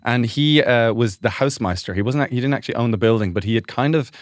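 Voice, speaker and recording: A man's voice: medium pitch, fast, no room sound, clean studio sound. A man co-hosting a podcast, telling rambling comic stories and laughing as he goes. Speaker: podcast co-host. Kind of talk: comic storytelling chat.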